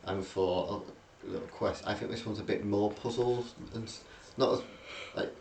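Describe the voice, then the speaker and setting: On a casual film podcast, a male co-host with a low, gravelly, darkish voice rambles through the plot at a normal speed and a steady tone, hesitating, restarting, and leaning on fillers. The room sounds big, the mic sits at a distance, and there's faint background noise.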